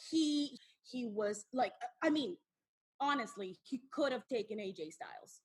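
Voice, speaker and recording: A woman co-hosting a casual wrestling podcast, animated and gushing, switching between English and Spanish. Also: on the high side, unhurried, husky. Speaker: podcast co-host.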